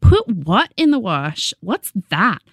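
A woman with an Australian accent voicing a rambunctious, nosy kindergarten girl who asks slow, prying questions. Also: medium pitch, very animated, no echo, studio quality, voice pushed up, full character voice.

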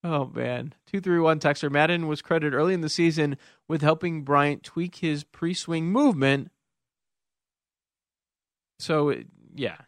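A man's voice: a little high, measured pace, no echo. A man hosting a sports talk radio show, opinionated and wry, taking callers and reading texts in the studio. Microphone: studio microphone.

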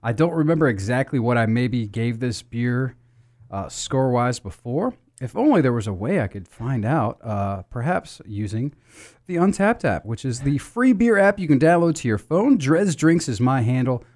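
Rambling casual beer podcast host. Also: male voice, mid-range voice, big pitch swings, normal speed, a little mellow. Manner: rambling, many restarts and fillers. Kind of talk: casual chat.

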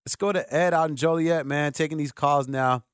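Animated male sports radio host. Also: fairly high pitch, normal speed, smooth, no room sound, studio quality. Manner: animated, joking, talks over callers.

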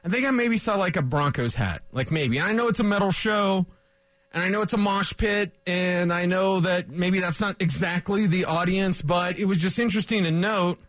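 A middle-aged man from Colorado hosting a sports talk show, rambling excitedly with small chuckles and a little out of breath. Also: high-pitched, moderate pace, dry recording. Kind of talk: sports radio monologue.

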